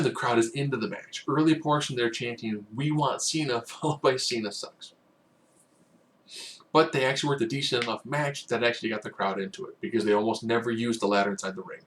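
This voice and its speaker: A man giving a casual, rambling spoken recap, now and then acting out quotes in loud bursts. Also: mid-range voice, slight background noise. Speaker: wrestling recap host.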